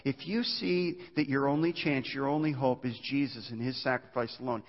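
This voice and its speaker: A man preaching from the pulpit, his voice carried on a long reverb through a large hall and sounding slightly muffled. He moves between loud, raised stretches and quieter ones, tripping over words and restarting as he goes. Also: mid-range voice, normal speed. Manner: animated preaching with frequent stammered restarts. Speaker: pastor. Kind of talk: sermon.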